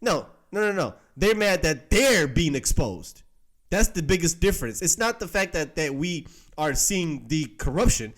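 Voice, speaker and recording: A man's voice: on the high side, very animated, moderate pace, a bit bright. A man hosting a political reaction show, talking emphatically and repeating phrases for stress. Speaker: commentary show host.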